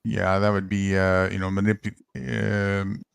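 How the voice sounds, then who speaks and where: A man in casual conversation who explains things in a measured way, pausing on fillers as he builds his points. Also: low-pitched, little pitch movement, gravelly, clear, resonant tone, dry recording, studio quality.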